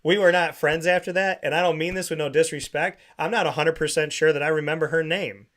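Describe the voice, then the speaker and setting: Animated male sports talk show host. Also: fairly high pitch, fast talker. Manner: animated storyteller, acts out quoted voices. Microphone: studio microphone.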